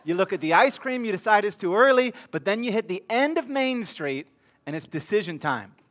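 A man's voice: high-pitched, animated, brisk, a bit bright. A middle-aged man preaching a sermon, telling a funny story with comic asides to his congregation before reading scripture. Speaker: pastor.

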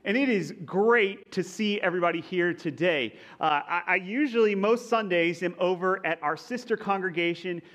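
A young man from Texas with a faint Texan accent, preaching a conversational sermon as pastor with a relaxed, self-deprecating manner. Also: high voice, normal speed, few pauses.

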